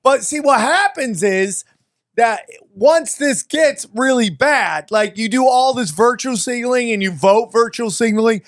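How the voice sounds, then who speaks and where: A man's voice: very high voice, animated, a little slow, no room sound, studio quality. A man hosting a podcast, chatting casually and rambling with restarts. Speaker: podcast host.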